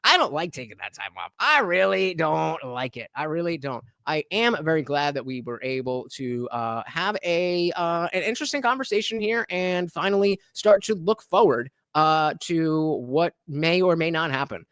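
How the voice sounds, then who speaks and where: A man's voice: fairly high pitch, expressive, moderate pace, hardly any pauses, fairly bright tone, clear, resonant tone, no echo, studio quality. A man hosting a live stream, talking casually and sarcastically, swearing and mocking others with exaggerated voices. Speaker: livestream host.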